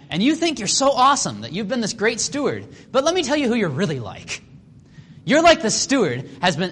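A man preaching a sermon in a casual, animated way, acting out quotes with sarcasm and lots of fillers. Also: high-pitched, husky.

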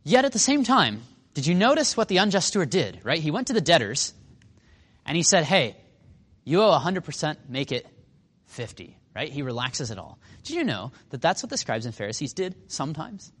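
A man teaching a Bible study in a casual, animated way, acting out quotes and asking the class questions. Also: fairly high pitch, a little fast, breathy edge. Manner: animated, acts out quotes, asks the room questions.

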